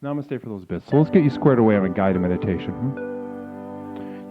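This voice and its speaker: A man hosting a live stream, leading a deadpan mock guided meditation with crude, irreverent jokes and chanted repeated phrases. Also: mid-range voice, moderate pace, soft background music. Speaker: livestream host. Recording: tinny, phone-like audio.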